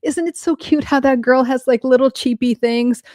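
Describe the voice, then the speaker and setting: A high, gushing voice of a vain woman showing off her luxury things, as a woman mimics her. She sounds showy and shallow, pitched well above a normal speaking voice. The voice is dry and close, with a slight gravelly edge. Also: steady tone, brisk, no room sound, natural voice. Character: vain shallow woman flaunting designer goods.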